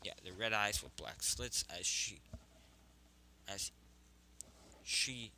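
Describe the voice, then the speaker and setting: A man's voice: on the low side, lively intonation, slow, bright, forceful tone, a little hiss or hum, rough recording. A man improvising a fan story narration, rambling with frequent self-corrections.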